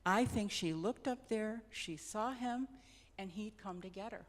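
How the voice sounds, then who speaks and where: A middle-aged woman tells personal stories in a gentle, reflective way, pausing and restarting as she goes. She is a hospice nurse with a voice of middle pitch. Her voice carries a long reverb, as if heard in a church hall. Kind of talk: personal storytelling talk.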